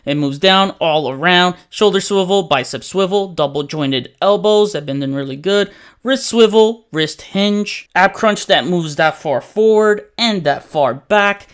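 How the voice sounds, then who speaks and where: A man's voice: sits high, measured pace, a bit bright, smooth. A man reviewing action figures in a chatty, enthusiastic way. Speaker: toy reviewer. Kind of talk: casual toy review.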